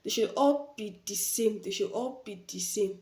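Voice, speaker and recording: A woman's voice: mid-range voice, normal speed, a little mellow. A woman teaching design basics in an informal spoken tutorial, often repeating her key points and affirming them with "yes". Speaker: design instructor. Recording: echoey room.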